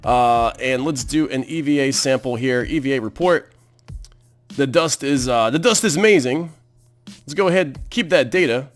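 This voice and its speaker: A man hosting a let's play, giving excitable gameplay commentary and exclaiming at what he sees on screen. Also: mid-range voice, moderate pace, faint music behind.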